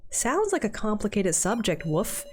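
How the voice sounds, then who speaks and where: A woman's voice: medium pitch, big pitch swings, moderate pace, darkish tone, slight background noise, pitched above the performer's own voice, natural voice. Woman voicing a meowing cat boy. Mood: playful. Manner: ends lines with meow or woof. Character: cheerful catlike young boy, says meow and woof.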